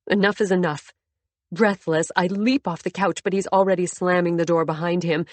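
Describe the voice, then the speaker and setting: A woman's voice: on the low side, fairly even intonation, moderate pace, a little mellow, dry recording. A woman reading a first-person story aloud as an audiobook narrator, with tense, intimate storytelling.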